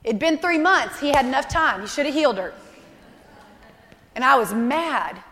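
A woman's voice: high voice, animated, moderate pace, bright, forceful tone. A woman in her thirties preaching a sermon, emotional and earnest, repeating key phrases. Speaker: speaker at a church service. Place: large church hall. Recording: live hall with long reverb.

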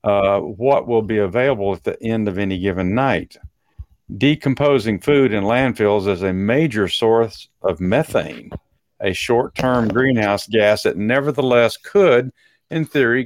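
A man's voice: fairly low pitch, unhurried, no room sound, studio quality. A man co-hosting a casual talk show, reading news items aloud and breaking in with his own asides. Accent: Texan. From Texas. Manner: reads articles aloud with asides and chuckles. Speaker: co-host.

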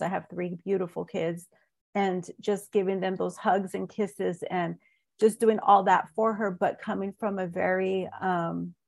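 A woman in her forties, a guest on a wellness talk show, sharing her personal healing story in an earnest, halting way with many restarts. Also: on the low side, vocal fry. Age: 40s. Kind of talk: podcast interview, personal story.

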